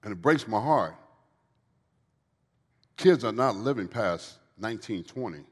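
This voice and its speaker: A man's voice: lowish voice, expressive, measured pace, breathy edge. A man in recovery giving earnest, preachy testimony in a church Q&A, often repeating phrases. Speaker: guest speaker in recovery. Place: church event hall. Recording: long reverb of a large hall.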